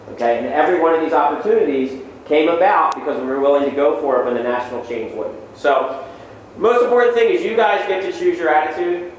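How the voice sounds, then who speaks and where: A middle-aged man giving an energetic motivational lecture to students, firing off punchy lines and checking in with "okay?" again and again. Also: a little high, slight background noise. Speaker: motivational speaker. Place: large lecture hall. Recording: very echoey hall, distant mic.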